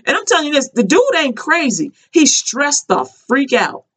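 A woman with a high voice talks casually as a video commentator. She speaks emphatically, repeating her points in a loose, conversational way. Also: sing-song, normal speed, fairly bright tone.

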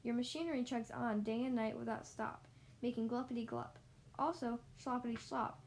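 A woman's voice: on the high side, fairly even intonation, moderate pace, a little mellow, slight background noise, close to an everyday voice, rough recording. A woman voicing a grumpy small old male forest creature who scolds in snappish rhymes. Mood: scolding.

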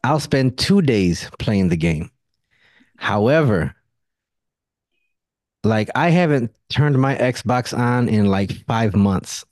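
Man, podcast host, casual chat, animated storytelling, middle pitch, dry close sound. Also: takes it slowly, pauses often, dry recording. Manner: animated storyteller acting out quotes in a higher voice; relaxed, drawling, says don't and nothing.

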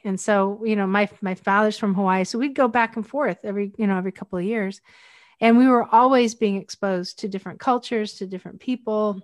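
A woman's voice: medium pitch, fairly even intonation, brisk, no echo, studio quality. A woman from Northwestern Pennsylvania hosting a casual interview, telling stories in a chatty way and laughing easily. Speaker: podcast host.

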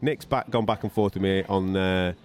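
A man's voice: low-pitched, soft background music. A man telling boxing stories on a podcast in a casual way, swearing freely and mimicking the people in them. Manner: animated and fast-talking. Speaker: podcast co-host, boxing radio commentator. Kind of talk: casual storytelling chat.

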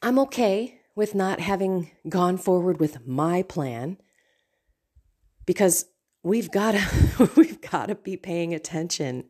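A woman with a low voice talks casually on her podcast about faith. She laughs often and slips into acted-out quotes. Her delivery stays conversational and personal. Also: a little mellow. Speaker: podcast host.

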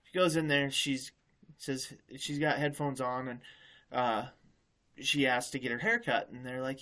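A man's voice: mid-range voice, little pitch movement, normal speed, pushed and bright. A man hosting a podcast in casual chat, rambling through jokes and swearing casually. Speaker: podcast host.

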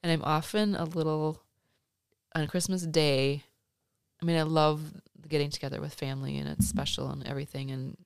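A woman's voice: sits low, steady tone, normal speed, creaky, clear, resonant tone, dry recording, clean studio sound. A middle-aged woman with a stuffy nose, chatting casually at home as her son interviews her, rambling with many restarts. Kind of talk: casual chat. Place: home basement.

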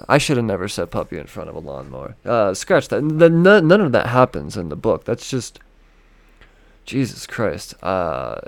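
A man's voice: fairly low pitch, no room sound. A man casually reviewing comic books, rambling and joking with frequent swearing. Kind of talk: casual chat.

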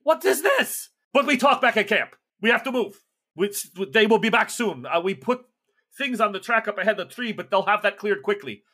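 A man's voice: sits high, lively intonation, brisk, pushed and bright, pitched above the performer's own voice, exaggerated voice. A man voicing a slick, jovial smuggler who talks in broken English for a tabletop game. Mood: urgent.

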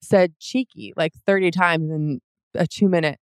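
A woman's voice: lowish voice, normal speed, clear, resonant tone, no room sound. A young woman co-hosting a podcast, rambling through stories in casual chat, full of "like". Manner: rambling storyteller, lots of "like". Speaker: podcast co-host.

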